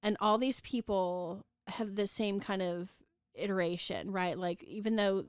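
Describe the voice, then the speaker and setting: Woman, book podcast co-host, chatty plot retelling, crisp dry sound. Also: mid-range voice, a little slow, dry recording. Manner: conversational, recounts plot with many fillers and asides. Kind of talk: casual book discussion, retelling a novel.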